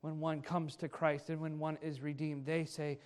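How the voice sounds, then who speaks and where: Higher-voiced man preaching a lively sermon. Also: moderate pace, clean tone. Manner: animated preaching, acting out quoted speech. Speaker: pastor.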